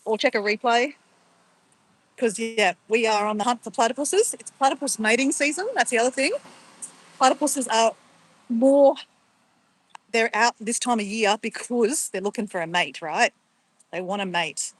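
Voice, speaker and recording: A woman's voice: on the high side, normal speed, long pauses, poor audio. A young woman chatting casually on a travel live stream, rambling and laughing as she reads viewer comments.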